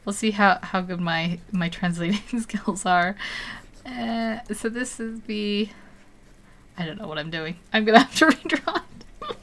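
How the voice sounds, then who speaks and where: A woman's voice: mid-range voice, lively intonation, measured pace, fairly bright tone. A young adult woman on a live stream, chatting casually and thinking aloud as she draws, laughing often. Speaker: digital artist streaming. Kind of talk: live-stream chat while drawing.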